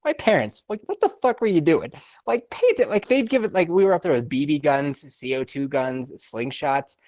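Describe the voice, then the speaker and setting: A man's voice: a little high, animated, moderate pace, darkish tone, no room sound, muffled recording. A young man co-hosting a podcast, telling a story in casual, profane chat and laughing often. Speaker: podcast co-host.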